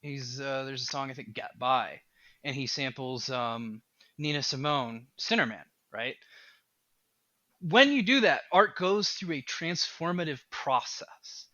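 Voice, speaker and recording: Bright-voiced man in animated podcast chat. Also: medium pitch, a little slow, no echo, highs cut off. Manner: animated, rambling talker. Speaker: game developer guest.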